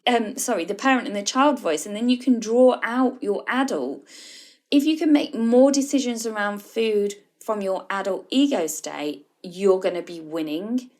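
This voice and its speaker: A woman's voice: a little high, darkish tone. A woman hosting a solo podcast, explaining in a conversational way and addressing the listener directly. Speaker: podcast host, food coach.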